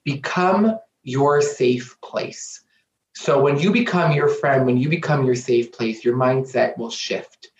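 This interview guest is a man of medium pitch who takes it slowly. Candid, earnest and emphatic, he often repeats himself for weight, captured in roomy, dull lo-fi sound.

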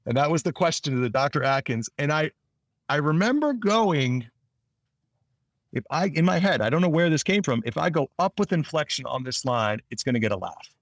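A man's voice: a little high, a little fast, dry recording. Rambling man telling stories, dry sound. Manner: rambling storyteller with frequent restarts; acts out quoted lines in lively voices. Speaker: actor guest. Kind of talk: casual interview talk.

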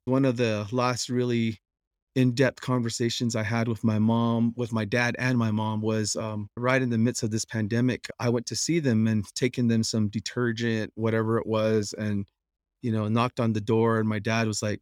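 A middle-aged man telling lively stories about his late father, acting out the voices he quotes. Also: fairly low pitch, clear, resonant tone, no room sound, clean studio sound. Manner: animated, quick to act out quoted voices. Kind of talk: personal storytelling.

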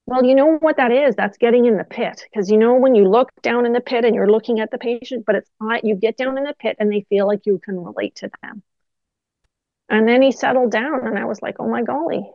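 A middle-aged woman physiotherapist, a guest telling animated stories from her clinical work in a casual interview. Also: fairly high pitch, fairly quick, no room sound, dull audio. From Canada. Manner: animated anecdotes with quoted dialogue.

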